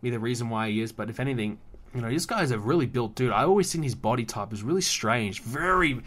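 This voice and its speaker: A man's voice: medium pitch, animated, fast, a bit bright. Rambling, opinionated male podcast host. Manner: rambling and opinionated, frequent fillers and restarts; swears casually. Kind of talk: casual solo podcast commentary.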